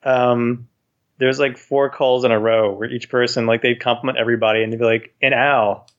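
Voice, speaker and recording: A man co-hosting a podcast answers in short, flat, deadpan lines. His pitch is ordinary for a man. The recording is a little muffled and dull, as if the highs were rolled off. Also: fairly quick. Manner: deadpan, short dry replies. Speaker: podcast co-host. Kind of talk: casual podcast chat.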